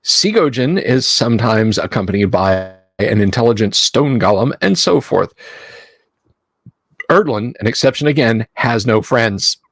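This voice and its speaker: A man's voice: medium pitch, lively intonation, measured pace, fairly bright tone, dry recording. Wry man reading a rulebook aloud. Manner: wry, digressive, answers chat with jokes. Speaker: livestream host. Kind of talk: reading a rulebook aloud live, with chat asides.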